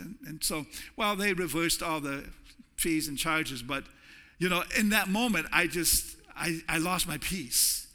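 A man's voice: on the high side, unhurried, bright, forceful tone. A male pastor preaching a sermon in a church sanctuary, in a conversational way that often repeats words as he restarts. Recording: long reverb of a large hall.

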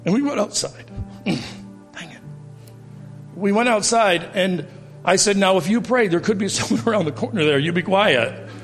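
A man in his fifties giving a church testimony to a congregation, telling his story with lively acted-out dialogue and chuckles at himself before moving into preaching. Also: high-pitched, moderate pace, long pauses. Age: 50s. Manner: animated storytelling, acting out quoted dialogue, laughing at himself. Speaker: guest speaker giving testimony. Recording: reverberant hall with faint music.

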